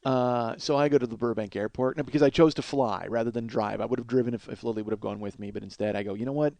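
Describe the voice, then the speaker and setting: A man's voice: medium pitch, fast, gravelly, mellow, no echo. A man in his forties hosting a comedy podcast, rambling through absurd running bits and laughing at his own jokes. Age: 40s.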